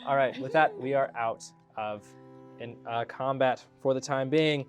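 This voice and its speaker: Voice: medium pitch, steady tone, measured pace, lo-fi sound, soft background music. A game master running a tabletop game, narrating with frequent giggles. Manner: giggly, laughs often between lines.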